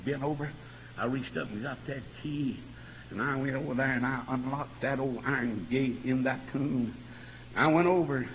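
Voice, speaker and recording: An older man preaching a revival sermon in a church, mixing folksy stories with loud bursts of praise. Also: mid-range voice. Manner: swings from folksy storytelling to shouted praise. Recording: phone-like sound in a reverberant church with faint noise.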